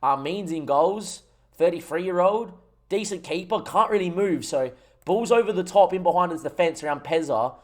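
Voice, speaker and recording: Aussie bloke streaming a footy manager game, slightly high voice, commentating live and getting hyped when they score. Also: male voice, moderate pace. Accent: Australian. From Australia. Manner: excitable, shouts at goals, talks to chat. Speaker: gaming streamer.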